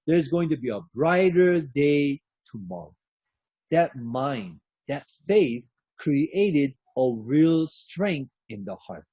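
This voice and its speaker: A man giving an inspirational keynote address, preachy and emphatic, with drawn-out phrases. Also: high-pitched, a little mellow, breathy edge, dry recording. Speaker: keynote speaker. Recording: dull lo-fi recording.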